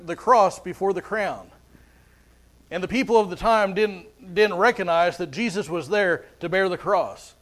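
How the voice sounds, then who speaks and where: A man's voice: high-pitched, fairly bright tone. A man preaching a sermon as pastor, earnest, often repeating words as he goes.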